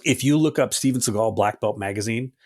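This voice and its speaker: A middle-aged man trades loose, profane stories as a podcast co-host, his voice a little low and husky. The sound is dry and close, with no room around it. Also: fairly quick, a little mellow, no echo. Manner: profane, joking, does mocking quoted voices. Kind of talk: casual chat.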